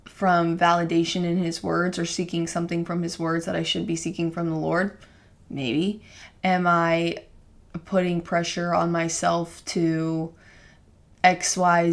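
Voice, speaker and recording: Young woman, low-ish voice, vocal fry, casual podcast chat, rambling, lots of filler words, earnest. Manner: rambling, heavy use of "like" fillers; earnest, openly emotional self-reflection. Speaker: podcast co-host.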